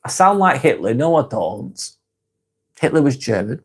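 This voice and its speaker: A man's voice: medium pitch, sing-song, normal speed, husky. A man with a British accent hosting a casual live stream, reading out viewer comments and answering them bluntly, swearing freely and often laughing.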